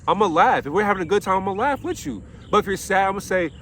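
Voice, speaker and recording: A young after-school counselor vents in an impassioned monologue, preaching, swearing, and posing questions he answers himself. His voice sits high with a fairly bright tone, racing along with few pauses, and there is a little hiss or hum.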